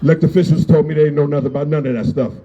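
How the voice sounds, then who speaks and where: A man's voice: on the high side, steady tone, rapid-fire, breathy edge. A man giving an emotional, blunt speech at an outdoor street rally, repeating his points and raising his voice. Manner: emotional, yelling, blunt and repetitive. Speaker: rally speaker. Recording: dull lo-fi sound with faint noise.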